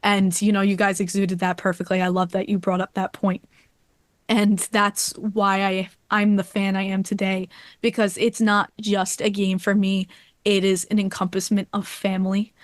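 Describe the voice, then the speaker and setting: A woman's voice: medium pitch, moderate pace, dry recording, studio quality. Heartfelt woman telling a story. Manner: heartfelt, animated, laughs often. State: choked up. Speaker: podcast guest. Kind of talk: emotional personal storytelling.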